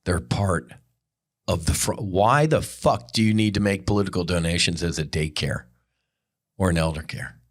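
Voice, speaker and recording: A man's voice: low-pitched, moderate pace. A man hosting a podcast, delivering an angry, profane and blunt unscripted monologue. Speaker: podcast host.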